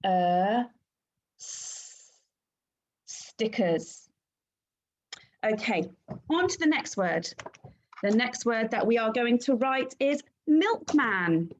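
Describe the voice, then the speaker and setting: A woman teaching a phonics lesson to young children, sounding out letters and syllables clearly and praising the class. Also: fairly high pitch, animated, drawn-out words, pauses often. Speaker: primary school teacher.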